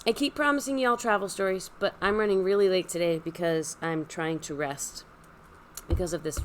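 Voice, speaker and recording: Hoarse woman with a cold. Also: fairly even intonation, normal speed, slight background noise. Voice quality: husky, deep. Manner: chatty, self-deprecating, laughs easily. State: hoarse, losing her voice from a cold. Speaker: podcast host, yarn shop owner. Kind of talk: casual chat.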